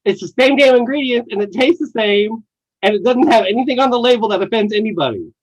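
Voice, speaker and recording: A man hosting a casual podcast chat, animated and laughing often as he retells stories. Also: very high-pitched, fast. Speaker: podcast host. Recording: dull lo-fi sound.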